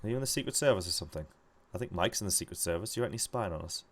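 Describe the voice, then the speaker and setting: A young man chatting casually while gaming with friends, swearing freely and rambling through animated stories. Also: low voice, rapid-fire. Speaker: gamer playing with friends over voice chat.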